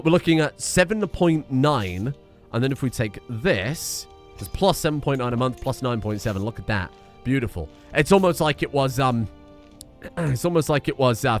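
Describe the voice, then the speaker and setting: A man giving casual commentary while playing a strategy game, rambling with wry, self-deprecating asides. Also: mid-range voice. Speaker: video game streamer. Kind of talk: casual let's-play commentary.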